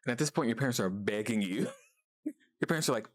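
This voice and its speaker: A man hosting a casual reaction video, chatting and laughing as he mimics characters in quick asides. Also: medium pitch, animated.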